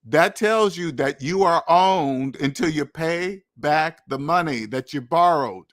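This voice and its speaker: A young man delivers blunt money commentary straight to his audience, scolding and preachy, circling back on the same points. His voice sits a little higher than most men's. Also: takes it slowly. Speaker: finance channel host.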